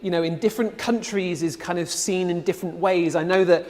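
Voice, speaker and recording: A man's voice: high voice, fairly even intonation, brisk, darkish tone, big-room sound. A man hosting a live online event, upbeat and chatty with frequent fillers. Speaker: host.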